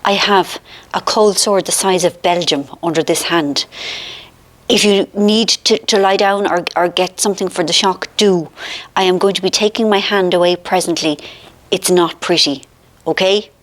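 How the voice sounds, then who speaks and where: A woman's voice: lowish voice, normal speed. An Irish woman chatting to camera at home, full of self-mocking asides as someone else films her. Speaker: vlogger. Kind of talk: casual chat to camera. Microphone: filmed by a companion behind the camera.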